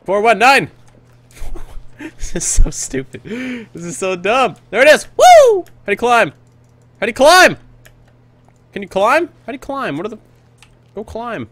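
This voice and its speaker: A man giving excitable let's play commentary, whooping, joking and swearing as he plays. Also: high-pitched, moderate pace. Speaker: gamer.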